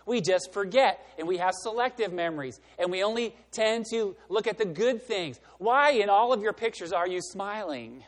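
High-voiced preacher in a long-reverb sanctuary. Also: male voice, lively intonation, normal speed, few pauses. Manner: conversational storytelling preaching with wide swings in loudness. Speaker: pastor. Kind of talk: sermon. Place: church sanctuary.

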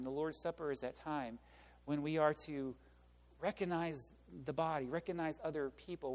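A man preaching a sermon as pastor, animated and asking his listeners rhetorical questions. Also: fairly high pitch. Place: church sanctuary. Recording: long reverb of a church hall.

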